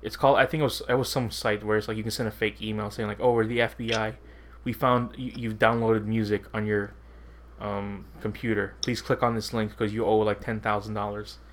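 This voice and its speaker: A man's voice: fairly low pitch, flat delivery, brisk. A man co-hosting a podcast, chatting casually and telling stories with frequent laughter. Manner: laughs often, loose rambling storytelling. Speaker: podcast co-host. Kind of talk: casual chat.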